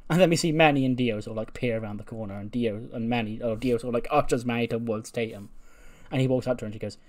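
Chatty male gamer narrating a playthrough, mid-pitched voice, casual. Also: quick pace. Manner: chatty, laughs often. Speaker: gaming YouTuber. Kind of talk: let's play commentary.

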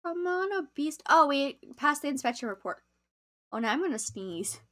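A young woman chatting casually to viewers as she plays a game on a live stream, easily excited. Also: high voice, normal speed.

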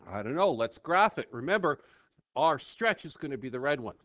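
A man's voice: medium pitch, normal speed, no echo. A man teaching a screen-recorded math lesson in a playful, chatty way, thinking aloud as he works through the problem. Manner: playful, animated, talks to himself while working. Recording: dull lo-fi dry recording.

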